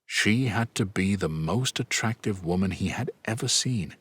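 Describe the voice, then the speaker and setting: A man narrating a fantasy audiobook in a steady, even storytelling manner. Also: lowish voice, normal speed, husky, dry recording. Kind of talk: scripted narration.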